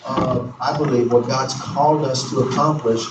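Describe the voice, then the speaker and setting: A man's voice: medium pitch, fairly even intonation, moderate pace, very noisy. A man preaching a sermon as pastor, questioning the congregation and drawing answers back in call-and-response. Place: church sanctuary. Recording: roomy echo, distant mic, faint ambience.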